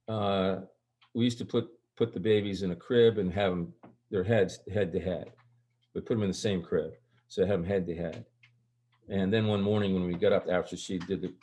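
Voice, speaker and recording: A man's voice: on the low side, darkish tone. An older man, a guest on an interview show, telling stories in a casual, rambling way. His voice jumps up when he acts out quoted lines. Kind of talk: casual storytelling.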